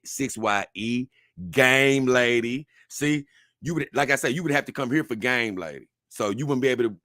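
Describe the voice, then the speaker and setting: A man hosting a casual livestream, reading long lists aloud at an unhurried pace with offhand asides. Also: fairly low pitch, bright, forceful tone, no echo, studio quality. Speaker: livestream host.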